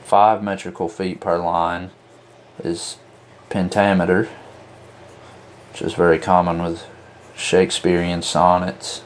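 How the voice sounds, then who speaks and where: A man teaching a lesson, explaining slowly and methodically, counting out examples as he points to a board. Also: deep voice, flat delivery, slight background noise. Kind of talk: explaining at a whiteboard.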